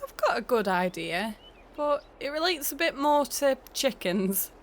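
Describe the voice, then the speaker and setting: A woman playing a friendly young farm worker, chatting calmly in a game role-play. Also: sits high, measured pace, slight background noise, heavily acted.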